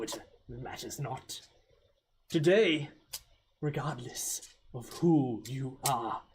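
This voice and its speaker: A man voicing a grandiose, eccentric older gentleman who speaks formally and theatrically. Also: medium pitch, slight background noise. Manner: theatrical, pompous, formal speech.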